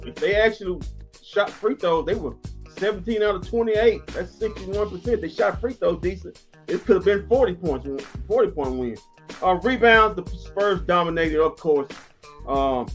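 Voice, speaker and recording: A man hosting a casual basketball post-game show, animated and repetitive, laughing often as he runs through stats. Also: on the high side. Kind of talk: casual sports chat.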